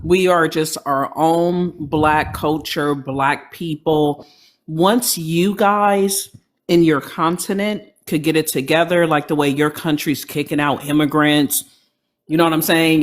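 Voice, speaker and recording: A woman's voice: low-pitched, steady tone, measured pace. Blunt dismissive woman panelist. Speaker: debate panelist. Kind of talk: online panel debate.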